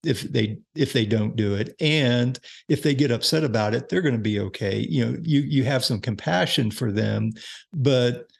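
An older man who writes about and coaches parenting chats casually as a podcast guest in an interview, explaining ideas through examples and often restarting his sentences. His voice is medium-pitched and creaky with a breathy edge, at normal speed.

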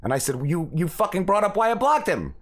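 Male podcast host, slightly high voice, fired-up cursing storyteller. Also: sing-song, quick pace. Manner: profane, heated storytelling. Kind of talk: casual chat.

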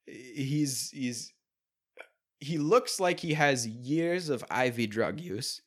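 A man's voice: mid-range voice, slow, slightly rough. Young guy in his twenties ranting through a story, swears a lot, does the voices of people he quotes. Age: 20s. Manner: profane, animated storytelling, acting out quotes. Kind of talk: casual storytelling chat.

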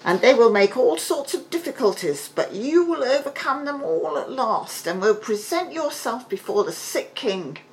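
A ragged old beggar woman pleads in a high, quavering voice, as a woman reading the story puts her on. Her voice swoops up and down with feeling. She is a wise figure out of a storybook. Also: sing-song, moderate pace, few pauses, low-quality recording. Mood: instructing.

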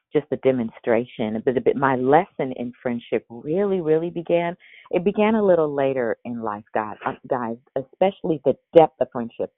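Her bass voice carries a morning roughness as she hosts a daily prayer call in a loose, wandering way. She keeps restarting and filling pauses while talking casually about devotion. The audio is dry and thin, with a tinny, narrow quality.

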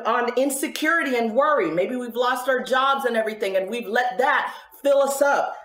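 A woman delivers a sermon with lively, conversational energy, her voice climbing and dropping as she drives each point home. Her voice is mid-pitched for a woman. The sound has a noticeable roomy echo around it. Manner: animated, conversational preaching with swings in pitch and volume. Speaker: preacher.

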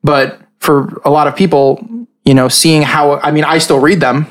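Male podcast host, slightly higher voice, loose and rambling, quick to laugh. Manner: rambling, animated, laughs often. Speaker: podcast host and dungeon master. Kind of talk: casual podcast chat.

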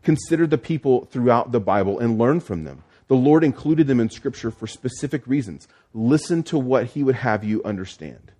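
A man's voice: medium pitch, animated, moderate pace, hardly any pauses, mellow. A man preaching a sermon as pastor, explaining the text step by step with frequent restarts and fillers.

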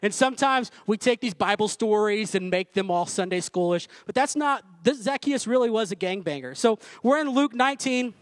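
A man with a high voice preaching conversationally, mixing jokes and asides into his sermon. The sound is dry and close, with no room ring. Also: expressive, normal speed, few pauses, no room sound. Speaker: pastor. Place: church room.

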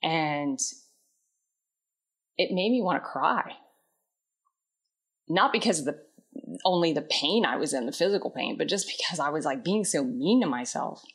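A woman telling a candid personal story in a reflective, introspective way, often trailing off into soft, quiet phrases. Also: deep voice, animated, normal speed, pauses often, breathy edge. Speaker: vlogger.

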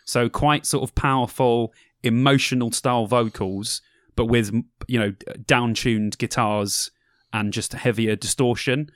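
Reviewing festival bands in a casual podcast chat, this young male co-host rambles and says um a lot while he explains different music styles. His medium-pitched voice stays steady and unhurried, recorded clean in a studio without any echo.

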